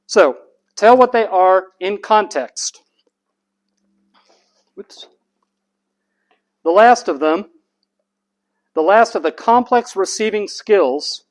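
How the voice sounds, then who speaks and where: Lecturer, classroom voice pitched up to carry, slow and emphatic. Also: animated. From United States. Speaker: university lecturer.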